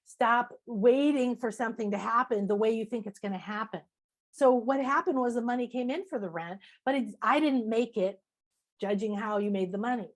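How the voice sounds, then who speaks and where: A woman spiritual teacher and author, a guest talking in a casual interview, animated and emphatic, repeating phrases and acting out people's inner voices. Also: fairly high pitch, moderate pace. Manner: animated, acts out inner voices and self-talk.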